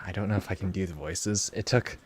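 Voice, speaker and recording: A man streaming a game, chatting casually and musing in a relaxed way. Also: low-pitched, moderate pace, slight background noise. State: tired, head throbbing. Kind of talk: casual gameplay commentary.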